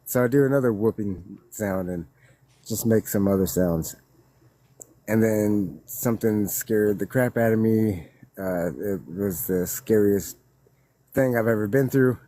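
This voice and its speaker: Excited man telling a scary story. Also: fairly low pitch, a little slow, no echo. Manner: excited, rambling, laughing as he recounts. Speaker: witness guest. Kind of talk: casual storytelling.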